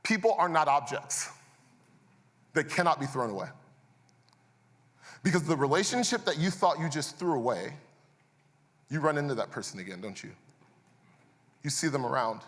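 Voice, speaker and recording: A man's voice: on the high side, expressive, moderate pace, long pauses, a bit bright. A man preaching a sermon as pastor, conversational and building to intense, repeated refrains. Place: church auditorium. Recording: church hall reverb.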